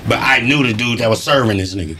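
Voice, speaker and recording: Emphatic Los man, bright voice. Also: mid-range voice, quick pace, slight background noise. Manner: emphatic, swearing, laughing often. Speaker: guest. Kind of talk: casual podcast chat.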